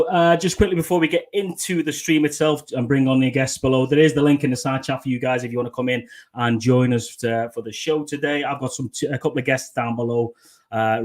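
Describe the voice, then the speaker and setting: A man's voice: mid-range voice, fairly even intonation, quick pace. A man hosting a casual motorcycle livestream, chatty and jokey, swearing casually. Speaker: livestream host. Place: Alberta home.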